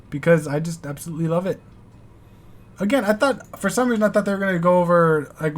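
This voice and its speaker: An American man hosting a reaction video, rambling candidly through his thoughts and swearing now and then. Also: on the high side. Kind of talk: casual reaction commentary.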